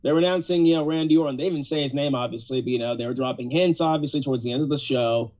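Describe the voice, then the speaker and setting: A man's voice: mid-range voice, very fast, a little mellow. A man hosting a podcast in casual chat, laid-back and laughing easily. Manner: laid-back, laughing, "yes sir" affirmations. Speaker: podcast host. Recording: dull lo-fi.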